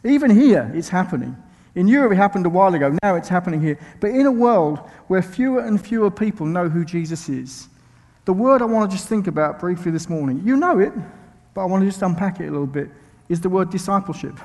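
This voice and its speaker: A man's voice: high voice, lively intonation, quick pace, a little mellow, long reverb tail. A man with a London accent preaching a sermon as a visiting speaker, chatty and self-mocking, with many ums and restarts. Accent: English, London. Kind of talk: sermon with friendly asides. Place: church sanctuary.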